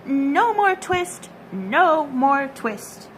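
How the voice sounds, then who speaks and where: A woman's voice: high voice, lively intonation, a little slow, slight background noise, poor audio. A woman voicing a chorus of cheeky little mice who sing and chant rhymes in a storybook. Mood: taunting. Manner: sing-song, gleeful.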